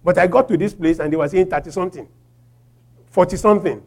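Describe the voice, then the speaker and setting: A Nigerian man preaching a sermon, telling a personal story with laughter and shouted quotes. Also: sits high, fast talker, pauses often.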